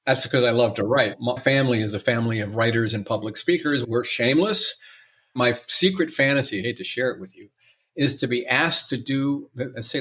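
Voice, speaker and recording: A man's voice: mid-range voice, fairly bright tone, breathy edge. Theatrical older man telling stories. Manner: theatrical storyteller, quick to mimic and joke. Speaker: entertainment lawyer and guest. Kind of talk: conversational podcast interview.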